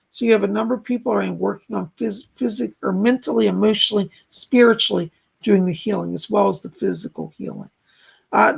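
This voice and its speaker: A man with a deeply gravelly, rough-edged voice that is heavy with fry. His tone is very husky and raspy, not clean at all. He talks through live psychic readings in a gentle, reassuring, chatty way. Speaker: psychic medium, live-stream host. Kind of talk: casual live-stream readings.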